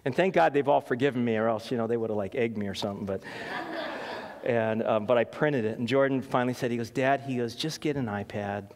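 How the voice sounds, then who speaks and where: Animated pastor, echoing hall. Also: male voice, medium pitch, fast, a crowd in the background. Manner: animated storytelling with laughs and acted quotes. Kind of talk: sermon. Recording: long hall reverb.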